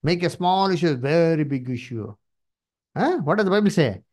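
A man preaching at a Bible study, emphatic and repetitive, swinging his pitch up and down. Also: lively intonation, moderate pace, a little mellow. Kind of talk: sermon with Bible reading.

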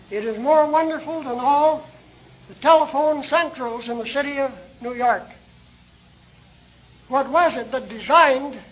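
An older man preaching a sermon in a slow, measured, earnest way, asking rhetorical questions, on a dull lo-fi old tape recording. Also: extremely high pitch.

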